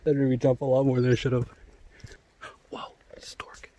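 A young man talks softly as he walks through a park, musing to himself in a mellow, low-key voice. Faint noise hangs behind him outdoors. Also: little pitch movement, racing. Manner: soft-spoken, musing to himself. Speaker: vlogger. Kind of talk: quiet casual vlog narration.

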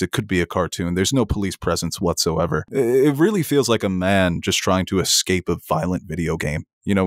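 A man's voice: sits low, no echo, studio quality. A man co-hosting a podcast, chatting casually and enthusiastically about films, often laughing and swearing. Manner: enthusiastic, laughs while talking. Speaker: podcast co-host. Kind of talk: casual film discussion.

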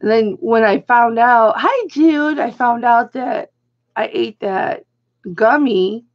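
A middle-aged woman chatting casually in a vlog, rambling through an animated story. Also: fairly high pitch, slow, dull audio. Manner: rambling, animated retelling with quoted voices. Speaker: vlogger.

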